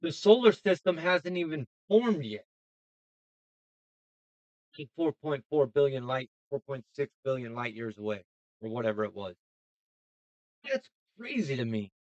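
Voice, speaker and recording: A man hosting a reaction video, talking casually, getting excited and swearing as he thinks aloud. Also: mid-range voice, a little slow, pauses often, no echo, muffled recording.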